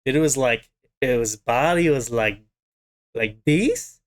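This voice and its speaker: A young man in his twenties telling a personal story to camera in a casual, animated and dramatic way. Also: medium pitch, slow pace.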